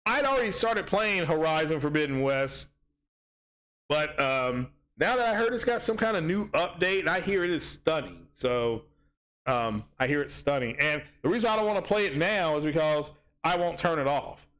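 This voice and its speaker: A man's voice: a little high, lively intonation, moderate pace, a bit bright. A man hosting a casual gaming livestream, rambling with many ums and restarts as he reads chat aloud.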